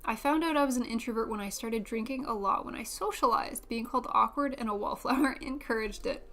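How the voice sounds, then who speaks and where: Chatty young woman, slightly high voice. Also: fairly quick, a bit bright. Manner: chatty and self-deprecating, laughs often. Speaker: streamer. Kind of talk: casual chat while building a model kit.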